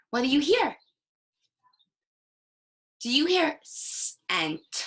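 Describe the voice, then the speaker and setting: A young woman teaching a recorded reading lesson to young children, slowly sounding out the starts of words. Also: high voice, low-quality recording. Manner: slow, animated, sounds out words.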